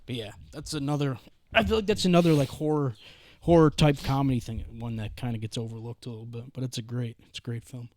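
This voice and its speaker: Excitable, foul-mouthed young man. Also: mid-range voice, fast talker, a little hiss or hum. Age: young adult. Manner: profane, excitable, says "dude" and "like" a lot. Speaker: podcast host. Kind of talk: casual chat.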